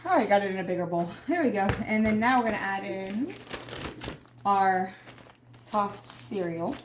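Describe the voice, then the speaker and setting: A woman's voice: medium pitch, expressive, normal speed. A woman hosting a casual home cooking demonstration, chatty and self-deprecating, talking straight to her viewers. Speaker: cooking video host. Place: home kitchen. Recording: echoey kitchen with loud background noise.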